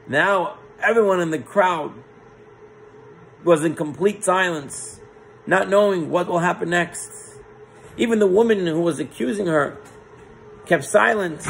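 A man's voice: high-pitched, creaky, slight background noise. A man, a rabbi, telling a moral story in a sermon, earnest and sprinkled with Hebrew terms.

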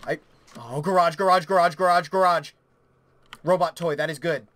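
A young man commentating a horror game let's play, panicky and swearing, swinging between shouts and hushed muttering. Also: fairly high pitch, fairly even intonation, normal speed. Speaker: gaming YouTuber.

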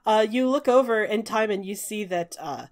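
A woman's voice: mid-range voice, expressive, normal speed. A woman narrating a tabletop game as game master, chatty, with many fillers and restarts. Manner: chatty, frequent "uh" fillers, restarts mid-sentence.

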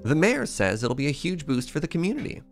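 A man's voice: on the high side, very animated, quick pace, faint music behind. A man voicing a tired, wistful middle-aged widowed fisherman father in a game. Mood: weary.

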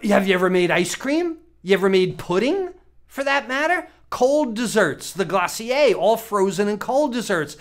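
In a casual to-camera teaching clip, a male cooking instructor chats in a high-pitched, sing-song voice at a normal speed. He often asks the viewer questions and laughs a lot.

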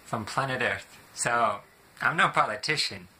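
A man's voice: medium pitch, a little slow, slight background noise. Playful young American man vlogging. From United States. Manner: playful, joking, animated. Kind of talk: casual vlog monologue.

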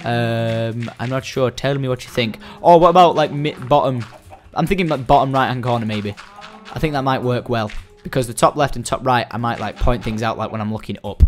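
A young Scottish man giving casual, excitable commentary while playing a building game, chatting to viewers and the animals. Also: mid-range voice, a little fast, hardly any pauses, soft background music. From Scotland. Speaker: gaming commentator.

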